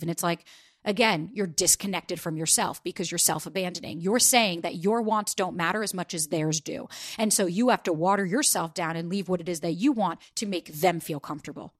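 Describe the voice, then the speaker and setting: A woman dating coach speaking candidly as an interview guest, quick and animated, acting out quoted lines with playful voices and casual swearing. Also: lowish voice.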